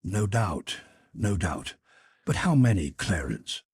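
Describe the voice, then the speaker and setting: A man's voice: deep voice, very animated, slow, darkish tone, husky, no echo, studio quality, exaggerated voice. A man voicing a brash, scoffing grown man who blusters and mocks, in an audiobook reading. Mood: coaxing. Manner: blustering, mocking.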